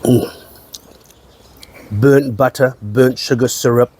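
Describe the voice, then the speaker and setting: A man's voice: medium pitch, fairly even intonation, takes it slowly, mellow, husky. A man reviewing whisky in a casual chat, rambling, repeating his phrases and swearing now and then. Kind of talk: casual tasting-note chat.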